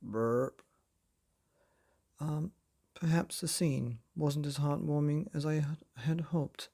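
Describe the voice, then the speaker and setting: Slow, gravelly bedtime storyteller man. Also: a little high, fairly even intonation, mellow. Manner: cosy, theatrical storytelling. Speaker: bedtime story narrator and host.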